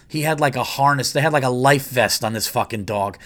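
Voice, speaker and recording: A man's voice: medium pitch, fairly quick, fairly bright tone. A man hosting a podcast, telling a story in a casual, rambling and profane way. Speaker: podcast host.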